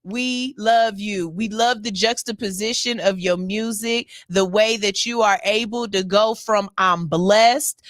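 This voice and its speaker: A woman's voice: mid-range voice, fairly even intonation, measured pace, hardly any pauses, no echo, clean studio sound. A woman hosting a morning radio show, chatting casually with loose, playful banter and cursing freely. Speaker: station engineer.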